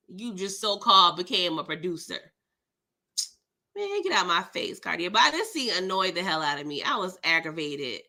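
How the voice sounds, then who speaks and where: Sassy bright-voiced woman recapping TV. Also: medium pitch, sing-song, moderate pace. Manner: sassy, slangy and exasperated. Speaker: TV recap host. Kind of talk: casual live TV episode recap.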